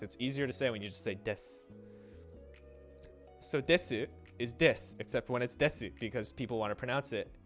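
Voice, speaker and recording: A young man casually explaining Japanese pronunciation on a livestream, trailing off, restarting and sounding out syllables slowly. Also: mid-range voice. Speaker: streamer teaching Japanese.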